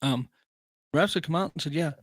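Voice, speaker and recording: A man's voice: mid-range voice, fairly quick, dry recording. A man co-hosting a podcast in casual chat, easygoing and agreeable, telling sports stories. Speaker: podcast co-host.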